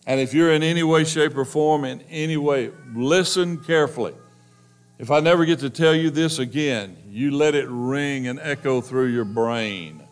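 A male pastor preaching a sermon, speaking emphatically and straight to the congregation, moving between loud stresses and hushed, slowed passages. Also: medium pitch. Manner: emphatic, addresses the congregation directly.

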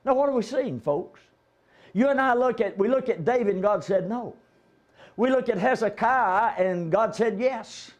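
A man preaching a conversational sermon in a church, retelling Bible stories and quoting the figures in his own voice. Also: very high-pitched.

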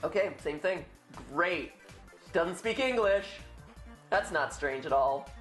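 A man's voice: high voice, animated, slow pace, fairly bright tone, reverberant, soft background music. A man hosting a gaming show, joking through casual gameplay commentary and putting on voices for game characters.

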